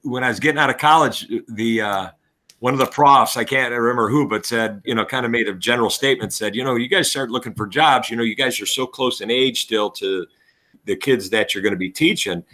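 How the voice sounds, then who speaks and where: A man spins animated stories from a long teaching and coaching career. His voice is bright and forward, and he drops into quick impressions of the people in his anecdotes. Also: medium pitch. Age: 60s. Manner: animated storyteller, acts out voices. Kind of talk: casual podcast chat.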